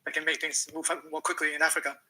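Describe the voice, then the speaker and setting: Interview guest, male: higher voice, quick pace, earnest storyteller. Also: little pitch movement, bright, forceful tone, poor audio. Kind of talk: explanatory interview talk.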